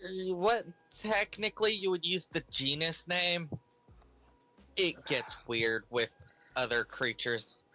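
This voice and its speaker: A man playing a tabletop role-playing game, speaking calmly and deliberately on a dry close mic. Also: on the high side, rough recording. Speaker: player.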